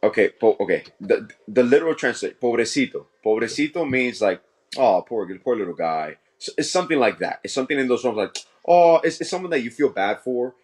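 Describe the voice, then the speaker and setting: A man's voice: mid-range voice, expressive, fast, hardly any pauses, breathy edge. A man of Cuban background co-hosting a sports podcast, explaining things in a loose, laid-back way. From Cuban family. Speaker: podcast co-host. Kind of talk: casual sports chat.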